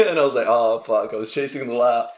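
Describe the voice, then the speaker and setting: A man's voice: mid-range voice, very animated, normal speed, reverberant. A man, a comedian, telling stories in a casual chat and laughing often.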